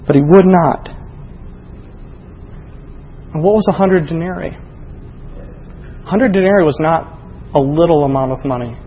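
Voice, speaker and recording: A man preaching a sermon. He swings between loud, emphatic reading and soft, close appeals, and asks his listeners many direct questions. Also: a little high, measured pace, long pauses, big-room sound, highs cut off, slight background noise.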